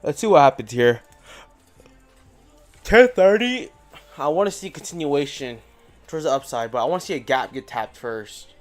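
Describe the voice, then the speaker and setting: Young male day trader streaming live, loose slangy chatter, voice bouncing up and down, quiet music under him. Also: on the high side, lively intonation, moderate pace, pauses often. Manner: slangy, rambling, keeps saying bro. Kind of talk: casual live-stream chat. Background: faint music playing.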